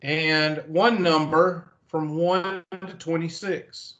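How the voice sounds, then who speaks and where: A man's voice: on the high side, fairly even intonation, slow, a bit bright. A man with a Southern US accent teaching a math class over a video call, chatty and thinking aloud as he goes. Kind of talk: online class lecture. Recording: muffled video call audio.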